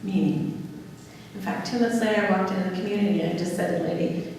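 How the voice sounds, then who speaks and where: A woman giving a lively public talk on dementia care, asking the audience questions and then answering them herself. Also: mid-range voice, fast talker, slight background noise. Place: large hall. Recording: echoey hall from far off with faint ambience.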